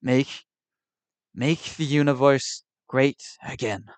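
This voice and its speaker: A man doing a hesitant impression of a blustery older male politician with a New York accent, drawing out a slogan slowly. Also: medium pitch, no echo, lightly acted. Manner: slow, drawn-out slogan delivery.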